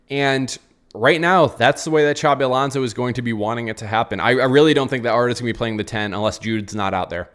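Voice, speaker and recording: A young American man runs a football channel and hosts a live post-match reaction, frustrated and rambling, repeating himself while answering chat comments. His voice is medium-pitched and a bit bright.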